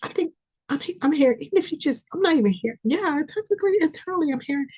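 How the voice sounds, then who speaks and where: Her voice high and her intonation lively, this spiritual podcast host reads at a quick pace. She pleads passionately and repeats herself, moving between loud urging and near-whispers.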